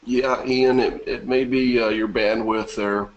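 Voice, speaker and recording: A man's voice: mid-range voice, steady tone, a little slow, highs cut off. A man with a bad cough hosting a live webinar in a casual way, greeting viewers by name from the chat and laughing often. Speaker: webinar host.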